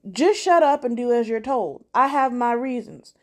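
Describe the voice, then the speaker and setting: A woman's voice: on the high side, expressive, normal speed, pitched above the performer's own voice, close to an everyday voice. A woman voicing a cocky young male street dealer who mocks and orders others around. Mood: bossy. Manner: cocky, mocking, bossy.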